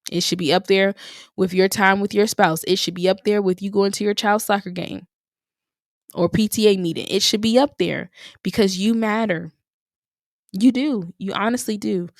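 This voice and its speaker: Young woman, solo podcast host, encouraging, repeats for emphasis, mid pitch, dry close mic. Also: fairly even intonation, normal speed, no echo. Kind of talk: motivational solo podcast talk.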